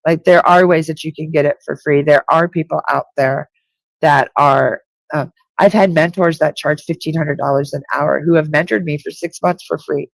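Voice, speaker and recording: A woman's voice: low-pitched, steady tone, normal speed, vocal fry, no echo. A woman giving intuitive readings on a live stream, speaking directly and reassuringly and repeating her key points. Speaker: psychic reader.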